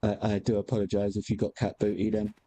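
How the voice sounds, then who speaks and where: A young man talks casually on a game stream, his voice deep-toned and mellow. He mutters to himself as he plays and slips into a high, sing-song baby voice when he speaks to his cat. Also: quick pace, rough recording. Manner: relaxed, mutters to himself while gaming. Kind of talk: casual livestream chat.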